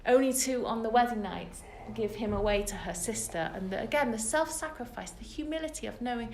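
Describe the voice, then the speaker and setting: A woman's voice: fairly high pitch, fairly quick, few pauses, slight background noise. A British woman giving a women's Torah class, telling the story earnestly and with emphasis to a live group. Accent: British English. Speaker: religious teacher. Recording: echoey room.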